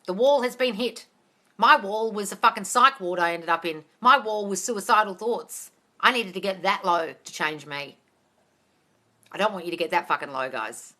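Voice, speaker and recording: A bright, crisp woman's voice, talking into a phone or webcam on a casual live stream. She reads out viewers' comments and answers them bluntly, sprinkling in swear words and calling everyone darling. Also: mid-range voice, moderate pace. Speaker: manifestation coach answering live questions.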